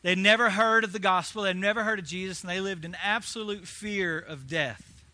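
Male pastor, high bright voice, lively sermon storyteller who drops quiet then builds loud. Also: moderate pace, no room sound. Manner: animated, swings from hushed to loud.

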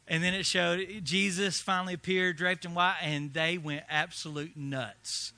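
High, sharp-voiced male preacher. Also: measured pace, hardly any pauses, no room sound. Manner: animated, swings from hushed to loud. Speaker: pastor. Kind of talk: sermon storytelling.

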